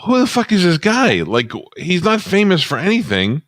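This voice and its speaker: A man's voice: sits high, huge pitch swings, normal speed, a bit bright, no echo, studio quality. A middle-aged man co-hosting a podcast, blunt and wry, setting up stories between laughs. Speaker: podcast co-host. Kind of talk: comedic banter and storytelling.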